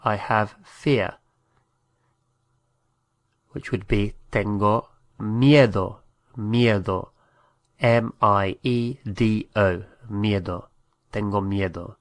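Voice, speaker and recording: A man's voice: fairly low pitch, extremely slow, long pauses, no room sound. A man giving a patient language lesson, spelling out words letter by letter. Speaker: Spanish teacher.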